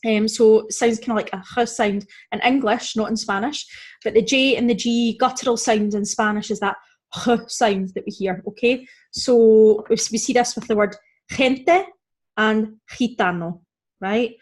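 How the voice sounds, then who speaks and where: A woman with a somewhat high voice teaches a recorded beginner language lesson. She explains each rule step by step, says the example words slowly and clearly, and keeps checking that the listener is following. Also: fairly even intonation, a little mellow. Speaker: Spanish teacher.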